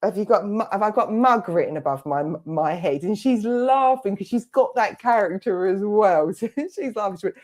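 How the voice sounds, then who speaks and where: A woman's voice: mid-range voice, lively intonation, normal speed, hardly any pauses, darkish tone. A middle-aged woman gives a clairvoyant reading at a spiritualist service, speaking in a chatty, conversational way. She keeps dropping into little quoted asides as she passes on messages to the person she is reading for. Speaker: spiritualist medium. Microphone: online service stream.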